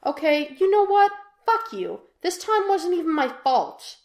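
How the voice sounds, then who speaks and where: A woman voicing a blunt, defensive young man who snaps quickly, in an echoey room. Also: mid-range voice, lively intonation, lightly acted. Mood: angry. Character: brash, prickly young man.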